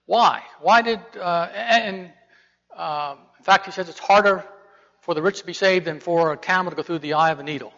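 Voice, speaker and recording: Guy preaching a bible lesson, fairly high voice, lots of rhetorical questions, muffled and echoey. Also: normal speed, bright, forceful tone. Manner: conversational, asks rhetorical questions. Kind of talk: Bible teaching. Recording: dull reverberant hall recording.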